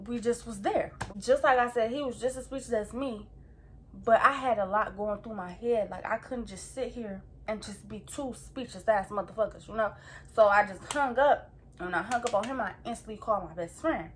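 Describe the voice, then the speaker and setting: A woman's voice: fairly high pitch, normal speed, slight background noise. Slangy young woman telling a story. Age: young adult. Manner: slangy, rambling, repeats "like" and "you feel me". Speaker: vlogger. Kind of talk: casual storytime chat.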